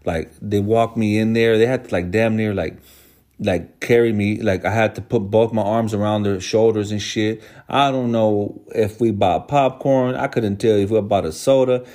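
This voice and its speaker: A man's voice: on the low side, steady tone, normal speed, darkish tone. A man telling a story from his own life in a rambling, slangy way, swearing constantly. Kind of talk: casual storytelling monologue.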